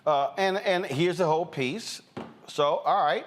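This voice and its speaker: A man hosting a political talk show, emphatic and animated, with an American accent, often repeating words for punch. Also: fairly high pitch, a little slow, a little hiss or hum. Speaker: host. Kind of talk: opinionated political commentary.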